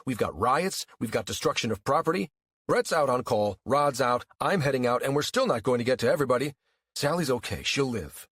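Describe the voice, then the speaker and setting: A man's voice: medium pitch, fairly bright tone, no echo, studio quality. A man playing a curt, overworked small-town cop. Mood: harried. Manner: clipped, impatient, firm. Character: harried male small-town police officer, curt and overworked.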